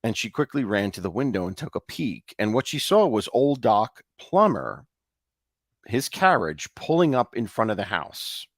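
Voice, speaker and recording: Guy casually retelling a ghost story, loose and halting, pitch all over, dry mic. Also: sing-song, no room sound. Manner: loose, with fillers and restarts. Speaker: co-host.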